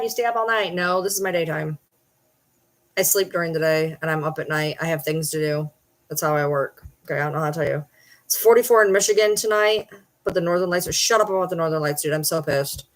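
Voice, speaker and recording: Woman, livestreamer, casual late-night chat, blunt, profane, rambling, lowish pitch. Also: steady tone, a little fast. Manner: blunt, swears freely, rambling asides. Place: at home at night.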